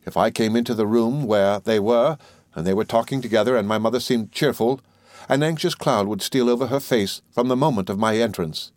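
Here a man tells a classic novel as an audiobook in an even, measured manner, working from a script. His voice is mid-range, with no room sound in the recording.

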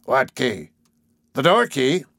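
A man voicing an excitable, obsessive elderly male professor who bursts out in loud exclamations. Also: mid-range voice, slow, gravelly, no echo, studio quality, heavily acted. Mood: startled.

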